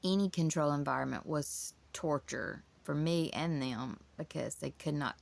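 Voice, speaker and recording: A woman's voice: deep voice, normal speed, creaky. A woman, telling her family story in a casual, emotional, rambling way. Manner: emotional, rambling with many restarts.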